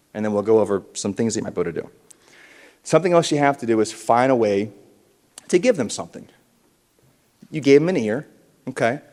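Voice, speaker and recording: A man's voice: medium pitch, a little mellow. A man giving a punchy motivational speech at a conference, stirring up the audience to call back to him. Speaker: keynote speaker at a realtors conference. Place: large conference hall, indoors. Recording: reverberant conference hall.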